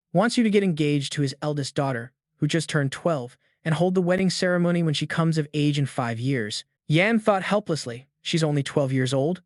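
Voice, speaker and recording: A man reads a story recap aloud in a steady, even manner, giving every character the same tone. His voice sits a little high for a man. The recording is dry and close, with no room sound. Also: dry recording. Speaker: narrator. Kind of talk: scripted story recap narration.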